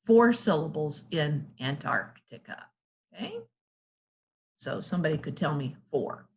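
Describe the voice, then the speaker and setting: In a low, expressive voice, a woman teaches young children a phonics lesson. She sounds out letters and words slowly and offers frequent praise.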